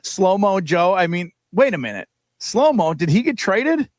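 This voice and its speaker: A man's voice: high voice, sing-song, normal speed, no echo. A man co-hosting a morning sports radio show, chatting casually, laughing easily and musing aloud while he guesses.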